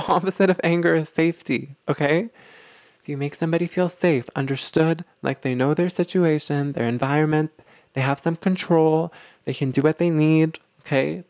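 Gravelly relationship teacher checking in. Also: medium pitch, a little mellow, no room sound, studio quality. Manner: checks in with "okay?" often. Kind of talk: explanatory lesson talk.

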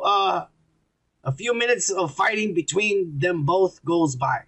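A man's voice: fairly high pitch, animated, takes it slowly, fairly bright tone, husky. A man co-hosting a casual drinking podcast, profane and rowdy, reading out viewer comments.

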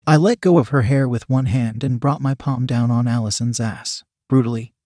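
A man narrating a first-person adult story in a steady, measured storytelling voice. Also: mid-range voice, no echo, clean studio sound.

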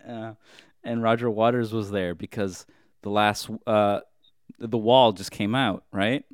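A man with a low, smooth voice spins a long, meandering comic tale. He restarts and corrects himself as he goes. The sound is close and dry. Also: steady tone, measured pace, no echo. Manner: rambling, self-correcting storyteller. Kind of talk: casual rambling anecdote.

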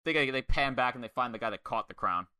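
Fired-up guy with a bright sharp voice, swears a ton, dry close sound. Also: mid-range voice, quick pace, smooth, dry recording. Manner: excitable, swears a lot, acts out quotes. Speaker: podcast co-host. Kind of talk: casual wrestling review chat.

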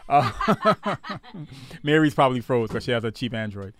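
A man's voice: medium pitch, very animated, a little slow, a bit bright, no room sound. Easygoing man hosting a livestream. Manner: easygoing, joking, keeps the show moving. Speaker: DJ and podcast host. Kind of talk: casual livestream chat. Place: home studio.

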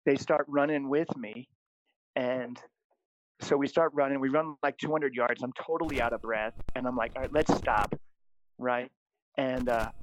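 Animated priest telling funny stories. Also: male voice, mid-range voice. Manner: animated, laughing at his own stories. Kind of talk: casual storytelling. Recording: slightly dull, dry audio.

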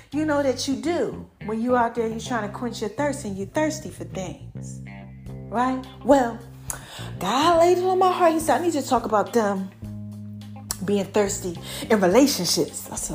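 A woman's voice: a little high, moderate pace, soft background music. A woman from the United States hosting her own podcast, talking casually and animatedly to her listeners. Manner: chatty and animated, addresses listeners as y'all. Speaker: podcast host. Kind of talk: casual solo podcast talk.

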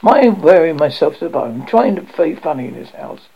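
A man's voice: fairly high pitch, big pitch swings, moderate pace, creaky, slightly rough, highs cut off, exaggerated voice. A man voicing a pompous, proud father who blusters and sulks in a storybook reading. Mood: blustering. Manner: blustering, huffy.

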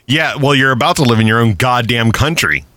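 Bright, profane ranting podcast host. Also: male voice, medium pitch, fairly quick. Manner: profane, ranting, laughs often. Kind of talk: casual podcast chat.

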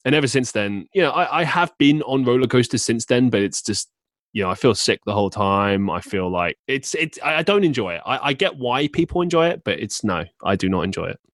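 A man's voice: mid-range voice, lively intonation, brisk, no room sound, studio quality. A man who is a podcast guest, haggling in a playful way and laughing often as he chats. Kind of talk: casual podcast chat.

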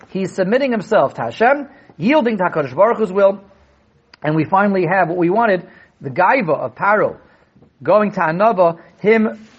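A man teaches a Torah class in a fairly high, slightly husky voice. He leans hard on key words and repeats them for stress. The recording is dull and lo-fi. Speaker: rabbi giving a weekly Torah talk. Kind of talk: Torah class on the weekly portion.

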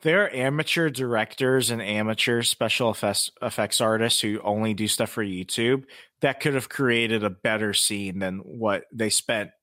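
Bright-voiced critical podcast man. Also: on the low side, moderate pace, no room sound, studio quality. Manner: critical, repeats words as he talks. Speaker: podcast co-host. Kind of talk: casual podcast chat.

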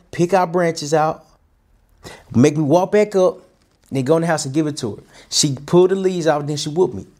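A man telling a childhood story in a casual, animated way, often restarting and repeating himself. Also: fairly high pitch. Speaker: host. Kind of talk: personal storytelling talk.

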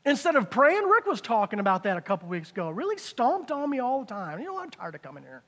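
A man preaching a conversational sermon, dropping into hushed asides and rising into loud excited bursts. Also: high voice, fast, slightly rough. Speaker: pastor.

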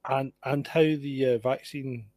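A man's voice: mid-range voice, fairly even intonation, measured pace, warm tone, no room sound. A Scottish man chatting casually over a video call, laid-back and wry, swearing now and then. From Scotland. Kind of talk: casual online chat.

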